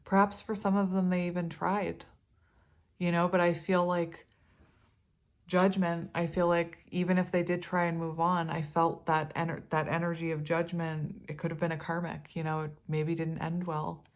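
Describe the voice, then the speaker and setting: A woman's voice: fairly low pitch, little pitch movement, normal speed. A woman giving a casual tarot reading to her viewers. She talks in a loose, rambling way, corrects herself often, and keeps breaking into giggles. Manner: loose and rambling, many ums and self-corrections. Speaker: tarot reader.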